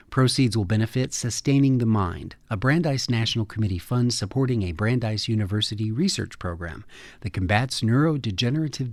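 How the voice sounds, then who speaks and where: Low-voiced male radio host. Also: darkish tone, no echo, clean studio sound. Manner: measured, clear announcer delivery. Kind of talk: scripted radio announcement.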